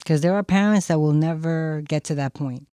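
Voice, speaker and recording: A podcast co-host with a mid-pitched voice who keeps jumping in with quick agreement during a casual talk. The sound is dry and close to the mic. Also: warm tone, clear, resonant tone, no echo.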